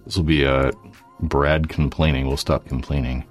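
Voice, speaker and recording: An extremely low-pitched man speaks steadily at a moderate pace over faint background music. He hosts his YouTube channel in a casual livestream chat, rambling to viewers with many fillers and swear words.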